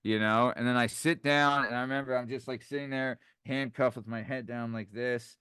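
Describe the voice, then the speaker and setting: A man in his thirties, a podcast host, telling a story in casual chat and acting out the people in it with sudden jumps in pitch. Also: normal speed, clean tone, no echo, studio quality. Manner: animated, acts out quoted voices with big pitch jumps.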